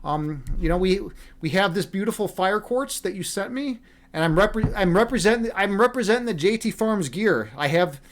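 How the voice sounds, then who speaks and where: Chatty high-voiced man on a livestream. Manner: chatty, rambling with restarts, playful. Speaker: livestream meditation host. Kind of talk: casual live-stream chat. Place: at home. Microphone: webcam.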